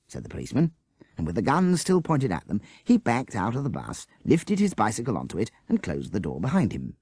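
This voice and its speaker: A man narrating a children's storybook audiobook with expressive delivery. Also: low voice, a little fast, slightly rough, no room sound, studio quality. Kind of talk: storybook reading.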